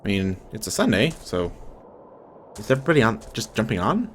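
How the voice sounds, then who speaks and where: A man's voice: lowish voice, big pitch swings, a little fast, a bit bright, slight background noise. A man giving casual, self-deprecating gameplay commentary as the host of a let's play.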